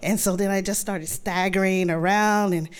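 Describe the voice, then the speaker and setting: A woman telling a true personal story to an audience in a lively, conversational way, acting out her own thoughts as she goes. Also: medium pitch, moderate pace, smooth.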